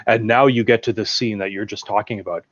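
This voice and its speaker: A man's voice: lowish voice, steady tone, fast talker, no room sound. A man talking as a guest in a casual film chat, enthusiastic and digressive, eager to share trivia and props he has built. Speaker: podcast guest and prop builder. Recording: dull lo-fi sound.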